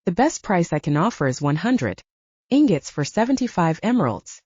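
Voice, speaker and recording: A woman's voice: fairly low pitch, sing-song, moderate pace, a little mellow, husky, no echo, dull audio. A woman voicing an overly cheerful, sing-song male wandering trader who speaks formally. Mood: haggling. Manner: sing-song, much too happy, formal.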